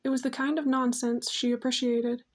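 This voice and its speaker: Woman reading a novel out loud, steady even tone, highish voice, not much melody. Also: normal speed. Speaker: audiobook narrator. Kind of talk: scripted audiobook narration.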